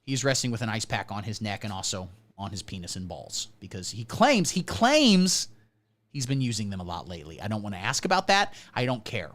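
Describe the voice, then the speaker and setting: A man hosting a satirical comedy livestream, delivering absurd deadpan jokes and swinging between mumbled asides and sudden emphasis. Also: fairly low pitch, fast, hardly any pauses. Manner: deadpan absurdist, mock-conservative persona. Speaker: livestream host.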